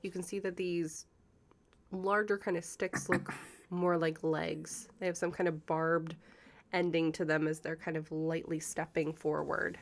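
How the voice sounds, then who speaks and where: A woman running a tabletop game as game master, describing scenes in a measured, descriptive way. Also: sits low, flat delivery, slight background noise.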